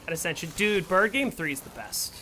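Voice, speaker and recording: A man's voice: high-pitched, animated, a little fast, bright, forceful tone, slight background noise. A young man streaming a game and chatting casually with his viewers, answering them with playful sarcasm. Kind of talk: casual live-stream chat while playing.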